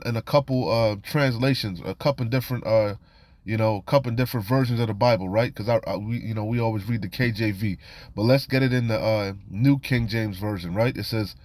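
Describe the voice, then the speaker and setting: A preacher teaches from scripture in a casual, streetwise style, his medium-pitched voice darkish in tone with no room sound. He reads verses aloud and comments on them, saying "you know" and "man" a lot.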